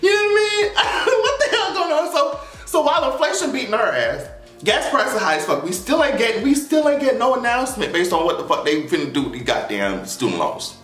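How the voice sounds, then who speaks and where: A man's voice: very high-pitched, a little fast, echoey room, faint music behind. A young man hosting a podcast, reading news aloud with frequent laughter and profanity. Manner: laughs often, profane and animated, reads headlines aloud. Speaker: podcast host. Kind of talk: casual commentary on news.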